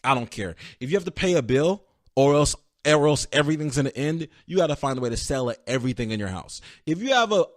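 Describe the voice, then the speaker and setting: A man hosting a podcast, telling a movie plot in an excited, animated way and acting out the characters' lines. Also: fairly high pitch, quick pace, no echo, clean studio sound. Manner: excited, animated storytelling with voiced quotes. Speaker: podcast host. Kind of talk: casual solo movie review.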